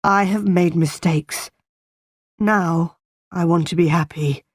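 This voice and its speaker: A woman reading the part of a brooding gentleman in a storybook, speaking slowly and gravely, lower than her own voice. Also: dry recording, studio quality. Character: brooding gentleman master of the house.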